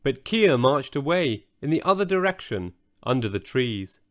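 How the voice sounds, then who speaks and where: A man narrating a children's story aloud in an expressive storytelling manner. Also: mid-range voice, normal speed.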